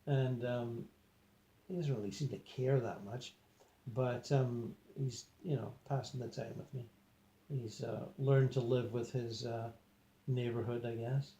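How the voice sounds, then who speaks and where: A man with a gravelly, mellow voice recounts an out-of-body experience. He talks hesitantly and rambles, pausing often and filling the gaps with small hesitations. The recording has a roomy echo. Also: mid-range voice, fairly even intonation, slight background noise. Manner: hesitant, rambling, pauses with many fillers. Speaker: journal narrator.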